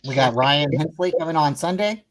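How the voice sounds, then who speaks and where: Relaxed male live stream host. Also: on the high side, brisk. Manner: relaxed, wraps up with schedule announcements. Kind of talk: casual live stream chat.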